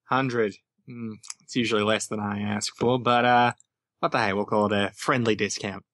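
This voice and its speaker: A man playing in a tabletop game over voice chat, pausing often with ums and uhs. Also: lowish voice, fairly even intonation, fairly bright tone, dry recording. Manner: hesitant, many ums and uhs. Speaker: player.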